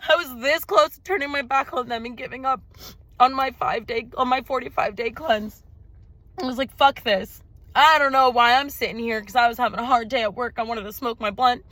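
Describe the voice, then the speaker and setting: A woman's voice: a little high, brisk, sharp tone, dry recording. A woman giving an emotional personal testimony to her viewers. She swears freely, repeats phrases for emphasis and slips into preaching. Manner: preachy, addresses viewers directly. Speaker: spiritual vlogger.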